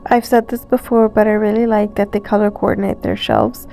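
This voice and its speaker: A woman with a stuffy nose doing a chatty, relaxed voice-over for a thrift shopping vlog. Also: medium pitch, fairly quick, gravelly, faint music behind. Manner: chatty, relaxed, with fillers and small laughs. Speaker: thrift vlogger. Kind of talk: casual voice-over narration. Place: recorded voice-over.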